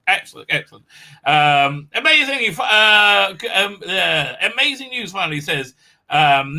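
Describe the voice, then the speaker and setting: A man with an Israeli accent chats casually on his live stream from a home office. His voice sits high and sounds very bright. He rambles, swears freely and laughs between comments. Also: big pitch swings, moderate pace. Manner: rambling, profane, laughs often, many fillers.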